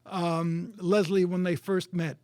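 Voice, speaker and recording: Older man, comedy host, high-pitched voice, dry close sound, deadpan jokes, faint banjo behind. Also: slow pace, dry recording. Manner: jokey, deadpan quips. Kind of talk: comedic song and banter.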